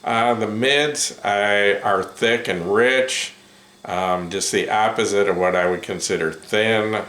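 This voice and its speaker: A man giving a casual first-impressions review of headphones, unhurried and full of ums and self-corrections. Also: fairly low pitch, a bit bright. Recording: roomy echo.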